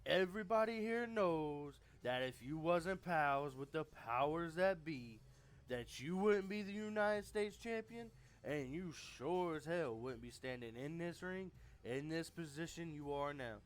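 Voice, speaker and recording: A man's voice: fairly high pitch, animated, unhurried. A man voicing a swaggering male veteran wrestler who taunts in a streetwise way. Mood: taunting.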